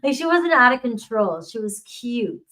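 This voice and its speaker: A woman's voice: on the high side, sing-song, normal speed, sharp tone, low-quality recording. A woman giving a casual tarot reading to camera, chatty and laughing often. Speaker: tarot reader.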